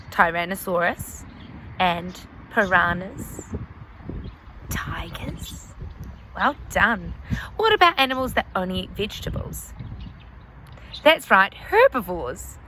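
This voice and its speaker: A woman's voice: mid-range voice, slight background noise. Sing-song woman reading a picture book. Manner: animated, sing-song, addresses the listener. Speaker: storyteller for children. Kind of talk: picture book read-aloud.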